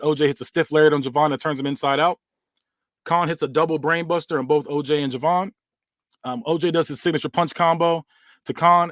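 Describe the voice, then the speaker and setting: A man's voice: fairly high pitch, no echo. A young man, a podcast host, casually narrating a made-up wrestling story with frequent fillers. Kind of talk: fantasy booking narration.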